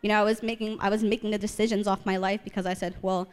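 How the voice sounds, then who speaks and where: A young woman from the US East Coast giving a personal testimony, telling her story in a lively, joking way and acting out her own past prayers in a higher voice. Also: fast, smooth. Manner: self-deprecating humor with frequent laughs. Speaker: speaker sharing testimony.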